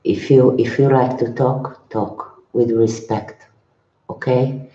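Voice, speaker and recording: An older man, a monk, answering viewers in a live-stream chat in broken English, halting and repeating his words. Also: medium pitch, fairly even intonation, mellow. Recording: roomy, slightly dull sound.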